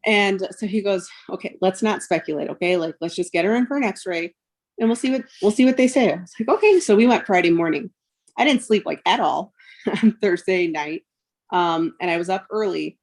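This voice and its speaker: A woman in her thirties, a mother appearing as a podcast guest, retells a painful personal story with emotion. Her voice is fairly low, a little fast and a little mellow. She quotes what others said and fills her speech with "like" and "um."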